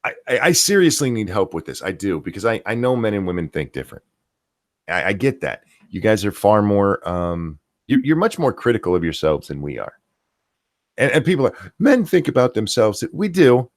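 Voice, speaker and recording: A man's voice: fairly low pitch, very animated, moderate pace, dry recording. Man, middle-aged, stream host, profane rant, dry close sound. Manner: profane, ranting, reads chat aloud. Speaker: commentary streamer. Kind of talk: casual live-stream rant.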